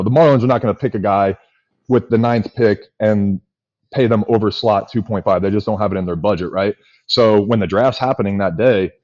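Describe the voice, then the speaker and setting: Fast-talking man telling stories, lo-fi. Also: lowish voice, no echo. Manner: rapid, animated storyteller with many fillers. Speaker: podcast guest, former pitcher. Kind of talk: casual storytelling chat. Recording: dull lo-fi podcast audio.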